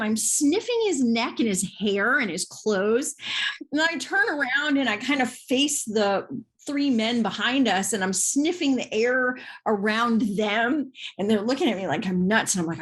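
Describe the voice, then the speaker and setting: Woman, podcast co-host, casual conversation, lively storyteller, mid-range voice. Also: medium pitch, moderate pace. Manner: lively storyteller, acts out quoted dialogue.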